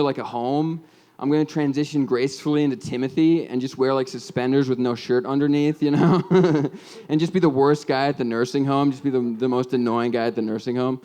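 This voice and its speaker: A man's voice: mid-range voice, a little mellow, smooth. A man in his twenties from Minnesota doing a stand-up comedy set, rambling and self-deprecating, full of ums and likes. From Minnesota, USA. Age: 20s. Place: comedy club stage with audience.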